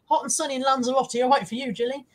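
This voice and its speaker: A woman with a high voice and steady tone talks at a racing speed. She's hosting a casual live stream, chatting with viewers and reading their comments aloud, poking fun at herself and swearing occasionally.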